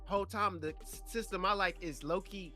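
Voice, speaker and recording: A man's voice: sits high, moderate pace, faint music behind. A young man co-hosting a gaming podcast in casual, slangy chat, often mocking others in put-on voices. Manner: animated, slangy, mocking imitations. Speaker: podcast co-host.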